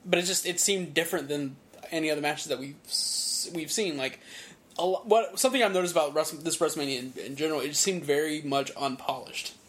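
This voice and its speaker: Young guy cohost, kinda high voice, stops and restarts a lot, easygoing chat. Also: fairly bright tone. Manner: halting, restarts sentences, agreeable. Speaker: podcast co-host. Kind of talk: casual chat.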